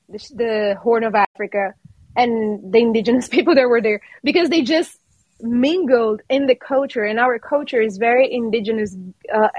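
A woman with a Brazilian accent talks as a podcast guest in a slightly high voice, recorded dry and close. She speaks with passion and emphasis, often starting her phrases again. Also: a little mellow, no echo. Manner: passionate and emphatic, with many restarts. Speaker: guest, artist and actor. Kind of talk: casual podcast interview.

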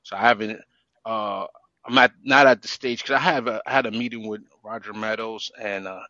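A man's voice: on the low side, fairly even intonation, normal speed, bright, forceful tone, dry recording, dull audio. A man speaking as a guest on a podcast, explaining a project with hesitant restarts. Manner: hesitant, many fillers and restarts. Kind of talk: casual call-in podcast chat.

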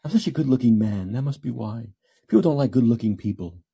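A man putting on a smug, soft-spoken male politician in an exaggerated, mocking sing-song. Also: medium pitch, expressive, fast, gravelly, slightly rough.

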